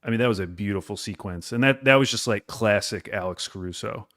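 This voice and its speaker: A man co-hosting a podcast in casual sports chat, easygoing and quick to laugh. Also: fairly low pitch, fairly bright tone. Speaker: podcast co-host.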